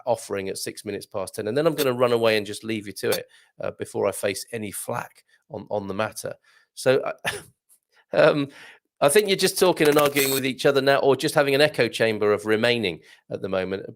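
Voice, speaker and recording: Hosting a live stream for his online community, a man reads viewer comments and muses aloud in a wry, rambling way. His voice is medium-pitched with vocal fry.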